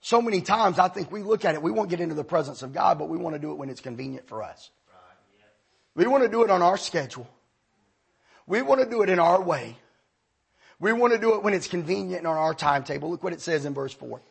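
Gravelly preacher, high husky voice. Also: male voice, animated, quick pace. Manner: storytelling preacher, rising to shouts and dropping to hushed prayer. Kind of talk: sermon.

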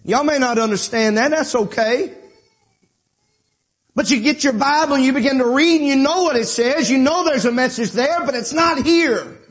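A middle-aged man preaching a sermon, folksy asides building to shouted fervor. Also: extremely high pitch, normal speed. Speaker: pastor.

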